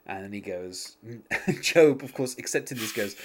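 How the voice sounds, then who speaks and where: Recapping a TV episode in a casual podcast chat, this man laughs a lot and keeps stumbling through fillers and restarts. He has a medium-pitched voice and talks a little slowly.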